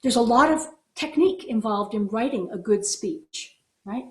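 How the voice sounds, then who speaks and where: A woman teaching a music class from home, her voice a little high and lively as she explains with an easy, conversational flow. She keeps checking in with her students. The sound carries noticeable echo from the room. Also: moderate pace. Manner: animated, conversational explaining with frequent "right?". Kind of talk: online class lecture.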